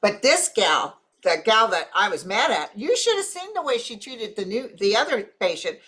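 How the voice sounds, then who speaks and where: A woman's voice: mid-range voice, big pitch swings, normal speed, bright, forceful tone, slightly rough. A woman who works as a nurse, a guest in a casual chat, telling stories in a blunt, joking way.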